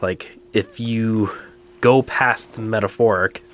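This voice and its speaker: A man co-hosting a podcast, talking in a measured, thoughtful way in casual chat, with wry laughs. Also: fairly low pitch, fairly even intonation, fairly bright tone. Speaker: podcast co-host.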